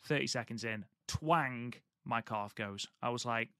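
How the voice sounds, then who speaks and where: A man co-hosting a podcast, chatty and full of ums as he tells a story. His voice sits at a middling pitch for a man. The sound is dry and close, with no room around it. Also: normal speed, few pauses, pushed and bright, dry recording. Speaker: podcast co-host. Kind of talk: casual podcast chat.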